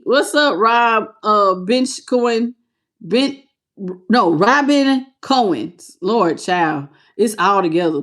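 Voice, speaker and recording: A woman's voice: a little high, fairly bright tone. A woman with a slight country twang, reading tarot on a live stream and greeting her viewers with pet names. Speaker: tarot reader.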